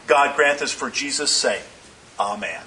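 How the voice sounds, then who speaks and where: A man preaching a sermon as pastor, in measured phrases that slow down for emphasis. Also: medium pitch, lively intonation, pushed and bright, slight background noise, poor audio.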